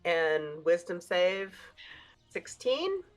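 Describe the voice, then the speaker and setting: Low-voiced woman playing a tabletop game. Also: very animated, extremely slow, faint music behind. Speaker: player. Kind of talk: casual game talk.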